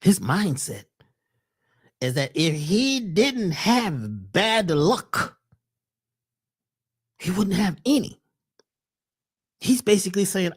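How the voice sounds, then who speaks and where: Man, lively pitch, preacherly webcast talk, swings loud to hushed. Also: slow, pauses often, husky. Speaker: holistic health speaker.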